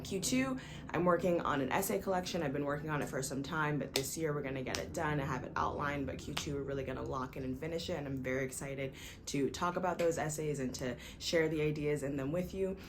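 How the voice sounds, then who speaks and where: A young woman with a low voice chats casually to her camera. She rambles, laughs at herself and fills her pauses with ums. A faint hiss sits under the recording. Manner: chatty, self-deprecating, rambling with fillers. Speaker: vlogger, software engineer.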